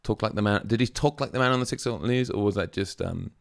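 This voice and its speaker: A man's voice: lowish voice, fast talker, vocal fry, dry recording, clean studio sound. A man hosting a music reaction video, musing aloud in a casual, chatty way with plenty of fillers.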